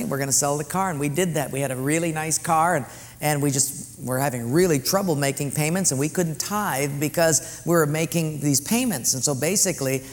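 A man pastor preaching a sermon in an earnest, storytelling way, repeating points for emphasis. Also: fairly high pitch. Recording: echoey hall reverb.

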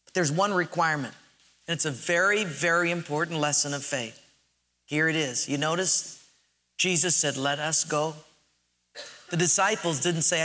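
A man preaching a sermon, telling a story with animated acted-out quotes and slowing to stress key phrases. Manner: animated storytelling, acts out quotes with big pitch jumps.

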